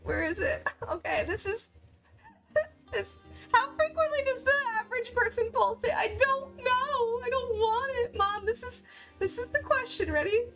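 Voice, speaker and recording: A woman's voice: very high voice, lively intonation, a little slow, music in the background. A young woman chatting casually on a livestream, bubbly and giggly, laughing often between lines. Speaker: cosplay livestreamer.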